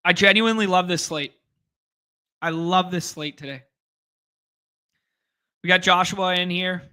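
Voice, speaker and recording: A man's voice: sits high, fairly even intonation, measured pace, pushed and bright, smooth. A man hosting a casual fantasy sports live stream, rambling and joking as he reads out chat comments and talks through picks. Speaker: fantasy sports podcast host.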